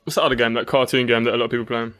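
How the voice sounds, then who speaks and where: A man's voice: mid-range voice, steady tone, racing, a bit bright, smooth, faint music behind. A young man, co-hosting a podcast in casual chat, easygoing, answering with short reactions and calling his friend mate. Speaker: podcast co-host.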